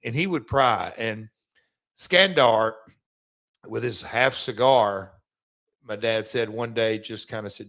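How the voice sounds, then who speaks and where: A man's voice: on the low side, slow, pauses often, fairly bright tone. A middle-aged man, hosting a chat show and telling stories in a rambling way, full of restarts and stammers. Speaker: podcast host, former wrestler. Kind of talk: casual storytelling chat.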